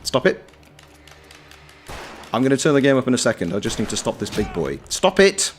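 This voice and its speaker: A man and voice actor giving live-stream gameplay commentary, swearing freely as he yells at the game and chats with viewers. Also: medium pitch, fairly quick, a little hiss or hum. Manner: animated, swears freely, talks to the game and to chat.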